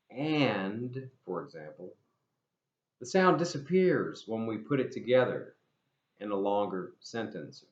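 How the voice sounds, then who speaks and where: A man gives a pronunciation lesson at an unhurried, measured pace, modeling each sound with care and drilling short phrases over and over. His voice sits in a middle register. The recording is roomy and a little dull. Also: mid-range voice. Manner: slow, deliberate modeling of sounds, spelling words out and repeating drill phrases. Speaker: English pronunciation teacher.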